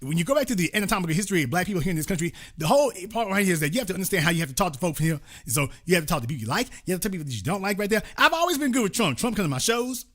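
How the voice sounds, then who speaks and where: A man putting on the voice of a boastful male comedian who lectures rapidly. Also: high-pitched, very animated, a bit bright, voice pushed up, heavily acted. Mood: smug lecturing. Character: smug male comedian explaining himself rapidly.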